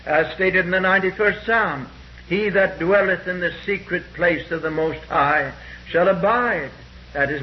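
High-voiced man preaching a sermon. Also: muffled recording. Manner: slow and deliberate when quoting scripture, with frequent "uh" pauses. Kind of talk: sermon with scripture readings.

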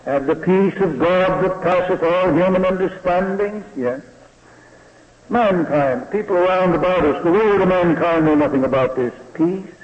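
A man preaching a sermon slowly and deliberately, often asking the listeners rhetorical questions. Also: high voice. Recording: dull lo-fi recording in a reverberant hall.

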